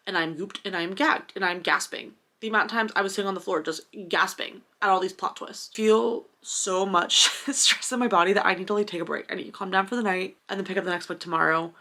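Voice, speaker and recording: A woman's voice: mid-range voice, bright, forceful tone. Gushing young woman book vlogger. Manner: gushing and self-dramatizing. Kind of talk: casual reading vlog. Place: at home in her apartment.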